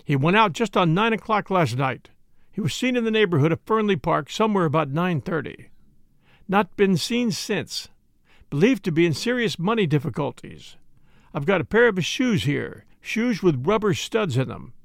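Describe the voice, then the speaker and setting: A man voicing a gruff, self-assured police inspector who talks bluntly and dismissively in an audiobook. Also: sits high, sing-song, moderate pace, no echo, studio quality, heavily acted.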